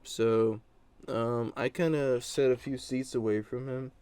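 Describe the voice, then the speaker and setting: A man's voice: medium pitch, steady tone, a little slow, warm tone, clean tone, dry recording. A young adult man telling a story from his school days in a casual, blunt monologue, with many fillers and crude words.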